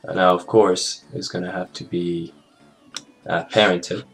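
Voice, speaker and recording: A man walking through an animation software tutorial in a casual, think-aloud way, with fillers and small jokes. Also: sits low, level tone, unhurried. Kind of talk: screen-recorded software tutorial narration. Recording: clear background music under the voice.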